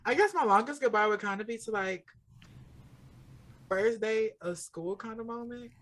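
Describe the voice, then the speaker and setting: A woman's voice: a little high, normal speed. A woman in her early twenties from the Southern US, co-hosting a podcast in upbeat casual chat. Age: early 20s. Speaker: podcast co-host.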